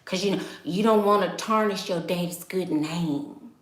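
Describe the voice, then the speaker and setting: A woman's voice: on the low side, normal speed, close to an everyday voice. A woman voicing a nosy older churchwoman who scolds in a preachy, condescending way. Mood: disapproving. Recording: roomy echo.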